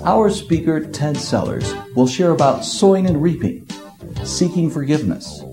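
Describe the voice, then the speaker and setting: A man reading a scripted introduction for a speaker in a lively announcer delivery. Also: a little high, moderate pace. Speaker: program announcer. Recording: roomy voice over loud guitar music.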